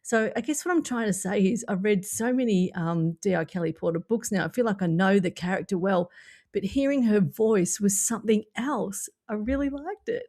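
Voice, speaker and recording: A woman's voice: medium pitch, normal speed. A woman from Australia with an Australian accent, hosting a podcast in casual, enthusiastic chat. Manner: enthusiastic, warm praise, laughs often. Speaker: podcast host.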